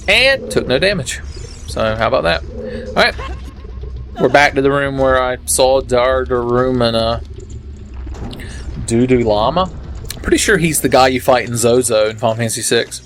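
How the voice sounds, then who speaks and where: A man's voice: medium pitch, normal speed, long pauses, fairly bright tone, a little hiss or hum. A young man giving sarcastic, profane commentary while playing a video game. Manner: sarcastic, swears freely. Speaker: let's play commentator. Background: game music.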